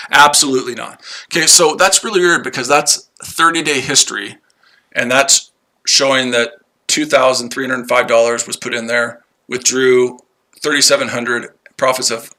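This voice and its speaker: A man's voice: mid-range voice, sharp tone. A man hosting a live trading stream, talking to his chat viewers in a combative, profane way and repeating himself a lot. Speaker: livestream trading host. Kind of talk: unscripted livestream talk to chat viewers.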